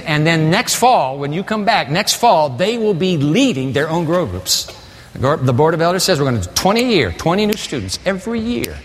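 Male pastor, fired-up exhorting sermon delivery, slightly raised pitch, reverberant sanctuary sound. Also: slight background noise. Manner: energetic, exhorting, rising to high excited peaks. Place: large church sanctuary. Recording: long reverb of a large hall.

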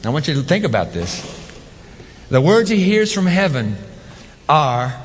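A man preaching a sermon as pastor, animated, with rhetorical questions and emphatic repetition. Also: on the high side, unhurried, pauses often, in a large hall, slight background noise.

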